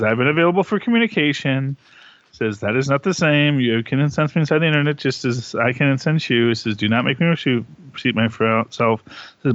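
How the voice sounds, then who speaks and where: A man's voice: medium pitch, a bit bright, no room sound. A man co-hosting a podcast, casually recapping a comic book and reading its dialogue aloud, rambling with many fillers and restarts. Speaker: podcast co-host reviewing comics. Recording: dull, dry lo-fi podcast audio.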